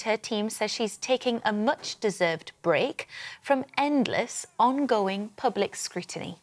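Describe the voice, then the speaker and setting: A woman reads a scripted news bulletin. Her delivery is measured and formal throughout. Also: medium pitch. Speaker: newsreader.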